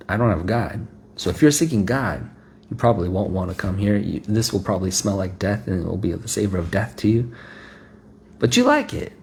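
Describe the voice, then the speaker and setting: A man's voice: fairly low pitch, a little mellow, slight background noise. A man voicing a coaxing temptress. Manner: smooth, coaxing, mocking.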